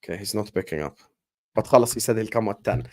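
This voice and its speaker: A man's voice: lowish voice, rapid-fire, faint music behind. Fired-up man hosting a fan livestream. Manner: passionate, fired-up, shouting out viewers; repeats and restarts words when worked up. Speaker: football fan channel host. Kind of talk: casual livestream rant.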